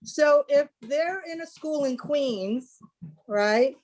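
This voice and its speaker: A woman's voice: sits high, expressive, slow, darkish tone. Inquisitive middle-aged woman. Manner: inquisitive, earnest, speaks from experience. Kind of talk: casual chat.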